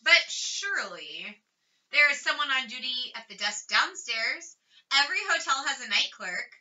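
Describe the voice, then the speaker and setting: A woman reads an anxious storybook mother who speaks gently and soothingly. The voice is high and bright, and the recording is dull and slightly distant. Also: expressive, normal speed, exaggerated voice. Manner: soothing, soft.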